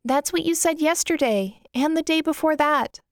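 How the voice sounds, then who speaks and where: A woman voicing a worried, earnest younger sister in a high, pleading voice. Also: normal speed, dry recording, studio quality.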